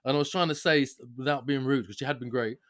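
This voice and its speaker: A man's voice: mid-range voice, quick pace. A man, co-hosting a podcast, ranting through a story in casual chat and mimicking the people he dealt with. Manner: rants, mimics the people on the call. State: unwell. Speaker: podcast co-host.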